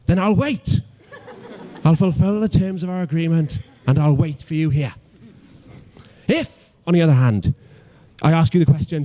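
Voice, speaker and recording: Young Welsh man on stand-up, mellow voice sitting a bit high, self-mocking, trips over his words. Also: moderate pace. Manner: self-deprecating, stammering restarts, mock-logical. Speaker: stand-up comedian. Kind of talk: stand-up comedy routine.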